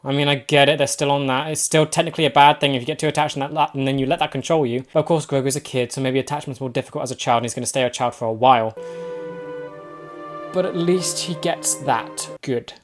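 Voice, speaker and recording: A man hosting a reaction video, thinking aloud excitedly and firing off quick questions. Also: medium pitch, soft background music. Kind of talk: casual reaction commentary.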